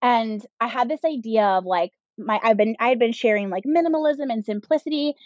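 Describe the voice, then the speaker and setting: A woman's voice: on the high side, a little fast, no room sound. A woman in her thirties, a podcast guest, telling her personal story candidly, with lots of "like" and "um". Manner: candid, with frequent "like" and "um" fillers. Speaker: podcast guest, business owner. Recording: dull, slightly lo-fi sound.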